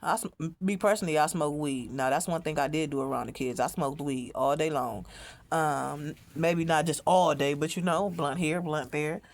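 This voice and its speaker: A woman's voice: deep voice, normal speed. A woman speaking in a rambling, profane monologue as a mother telling her own story, often repeating herself. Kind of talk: emotional monologue to camera.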